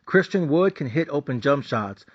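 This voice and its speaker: Guy ranting about his team, swearing a lot, kinda high voice, muffled lo-fi audio. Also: lively intonation, moderate pace, breathy edge. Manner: blunt, profane, ranting. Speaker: sports betting channel host. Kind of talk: casual ranting commentary. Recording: dull lo-fi sound.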